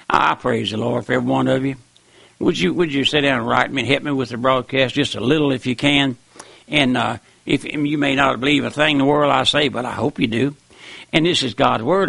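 A man's voice: mid-range voice, gravelly, fairly bright tone, dry recording. A man preaching a fervent radio sermon, emphatic and dogmatic, who keeps calling listeners his friend.

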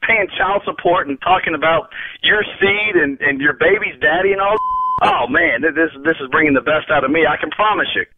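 A man's voice: on the high side, brisk. A man on a phone call, agitated, stammering and swearing. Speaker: prank call victim.

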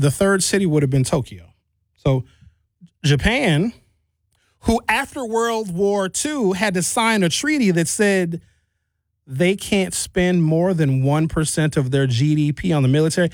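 A man from Wisconsin doing a stand-up comedy rant, animated with sarcastic asides. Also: on the high side, moderate pace, no room sound. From Wisconsin, USA.

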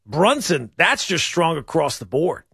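A male sports radio host riffs in a rambling, wry monologue. His voice sits high and swings widely in pitch, and it sounds dry and close in the studio. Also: big pitch swings, measured pace, gravelly, pushed and bright, breathy edge, dry recording. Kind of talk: casual talk radio monologue.

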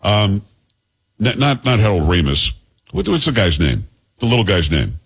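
A man's voice: on the low side, sing-song, normal speed, fairly bright tone, breathy edge. A man hosting a podcast, talking in a joking, rambling, teasing way. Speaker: podcast host. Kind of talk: casual podcast chat.

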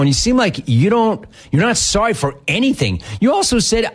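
A man's voice: high voice, very animated, moderate pace, hardly any pauses. A man hosting a sports talk show, ranting in a sarcastic, mocking, incredulous way. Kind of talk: opinionated sports rant.

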